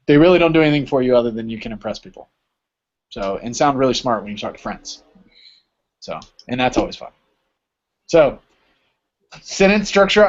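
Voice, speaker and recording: A man teaching a Greek class in a casual lecture style, often checking in with "right?" as he explains. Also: mid-range voice. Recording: dull lo-fi recording.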